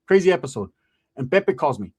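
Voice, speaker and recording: A man's voice: a little high, very animated, brisk, darkish tone, husky. A man telling a long stand-up story in a rambling, profane, slangy way, acting out the dialogue. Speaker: comedian.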